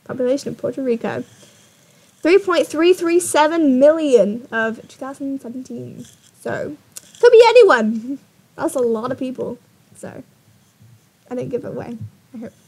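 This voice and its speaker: A woman's voice: sits high, fairly even intonation, moderate pace, long pauses, darkish tone. A young woman YouTuber telling a dating story in a casual, exasperated vlog style, often laughing.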